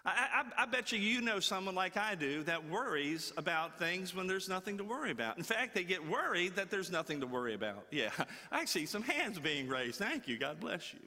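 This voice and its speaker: Bright-voiced folksy preacher in a ringing hall. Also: male voice, high voice, moderate pace, hardly any pauses. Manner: folksy, animated, repeats words for effect. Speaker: guest preacher. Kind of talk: sermon with storytelling. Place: church before a congregation.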